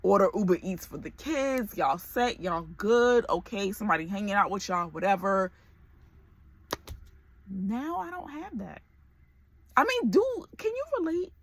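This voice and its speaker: A woman's voice: medium pitch, expressive, unhurried. A woman in her forties talking candidly to camera in a personal vlog, emotional and close to tears. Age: 40s. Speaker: vlogger.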